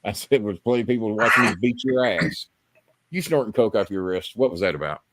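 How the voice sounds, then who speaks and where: A man's voice: fairly low pitch, brisk, background noise. A man, hosting a live podcast and telling long, profane, rambling stories. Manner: profane, rambling, animated storyteller. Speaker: podcast host. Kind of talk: casual storytelling on a live stream.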